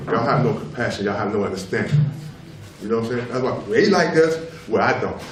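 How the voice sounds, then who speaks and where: A man's voice: medium pitch, lively intonation, brisk. Emphatic middle-aged man in a roomy hall. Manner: emphatic, repetitive, keeps asking "you know what I'm saying". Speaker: father giving testimony at a public tribunal. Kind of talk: spoken testimony. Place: public hearing room. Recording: roomy hall, mic far off, faint noise.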